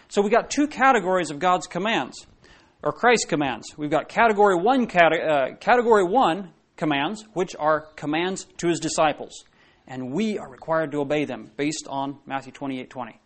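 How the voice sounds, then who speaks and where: A man preaching a sermon to a congregation, talking in a conversational way, asking questions and often restarting his sentences. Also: on the high side.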